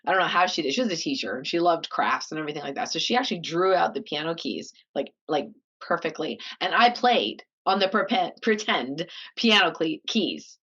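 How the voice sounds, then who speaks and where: A woman's voice: low-pitched, a little fast, husky. A middle-aged woman from Canada telling her life story in a casual interview, laughing often and acting out what others said. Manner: animated, laughs often, acts out quoted voices. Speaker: guest. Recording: slightly dull lo-fi audio.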